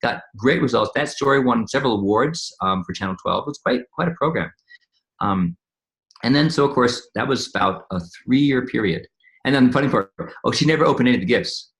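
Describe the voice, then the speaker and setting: A man's voice: medium pitch, expressive, fairly quick. A man being interviewed as a medical scientist, telling stories in a rambling, conversational way with many restarts and repeated words.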